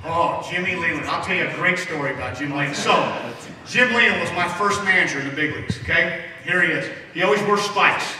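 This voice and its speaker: A man in his forties telling rambling, animated stories as an after-dinner speaker and taking questions from the audience in a large banquet hall. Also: fairly high pitch, fairly quick, a little hiss or hum. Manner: rambling, animated, with lots of restarts. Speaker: after-dinner speaker, former baseball player. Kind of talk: storytelling speech with audience questions. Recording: echoey hall from far off.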